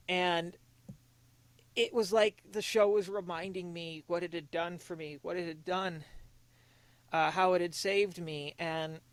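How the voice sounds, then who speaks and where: A young man on a casual podcast, talking in an earnest, confessional way, halting and restarting often. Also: sits high, smooth, no echo. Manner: emotionally open, confessional. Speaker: podcast co-host.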